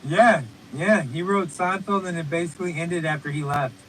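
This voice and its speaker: A man with a notably high voice chats loosely and swears freely while hosting a remote stream. His talk rambles, and faint noise hums underneath. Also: normal speed, fairly bright tone, poor audio. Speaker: podcast host. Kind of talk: casual profane chat. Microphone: remote stream call.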